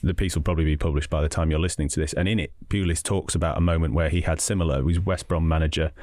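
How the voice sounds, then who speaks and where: A man in his thirties, a football journalist chatting on a podcast in a quick, self-interrupting way. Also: very deep voice, fairly even intonation, darkish tone, no echo, studio quality. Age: 30s. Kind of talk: casual podcast debate.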